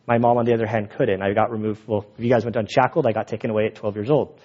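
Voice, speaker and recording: Animated storytelling preacher, a man. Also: lowish voice, very fast, dull audio. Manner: animated, jokey storyteller who laughs at his own stories. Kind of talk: sermon with personal storytelling.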